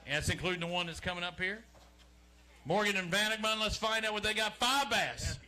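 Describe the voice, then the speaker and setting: A man's voice: high voice, brisk, bright, forceful tone. A man hosting a live outdoor fishing weigh-in, joking and chatty as he calls out names and weights. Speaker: weigh-in emcee. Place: outdoor lakeside weigh-in stage.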